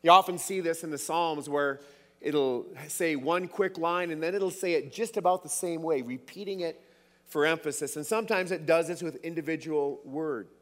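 A man's voice: fairly high pitch, normal speed, in a large hall. A man preaching a sermon, emphatic, repeating words for stress.

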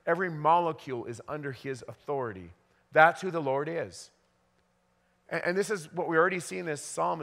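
A man's voice: on the high side, vocal fry, fairly bright tone, big-room sound. A male pastor giving a conversational sermon, often restarting his sentences as he talks through a psalm. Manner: conversational preaching with frequent restarts.

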